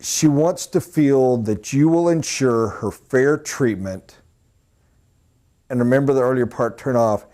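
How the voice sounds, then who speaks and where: A man giving a live sales training talk, emphatic and animated, acting out little scenes. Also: mid-range voice, measured pace. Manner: animated, emphatic, mock voices for examples.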